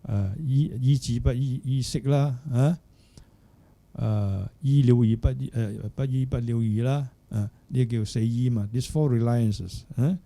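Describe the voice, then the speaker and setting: Older male monk, dharma talk, extremely dark and warm timbre, measured halting delivery. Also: mid-range voice, vocal fry. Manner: unhurried, searching for words, checks in with "hmm?" and "yeah?". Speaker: Buddhist monk teacher. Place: Buddhist centre hall.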